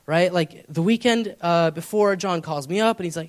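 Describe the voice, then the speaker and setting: A man's voice: sits high, moderate pace, hardly any pauses. A young man preaching, telling a personal story in a casual, rambling way with many fillers. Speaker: pastor. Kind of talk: storytelling sermon.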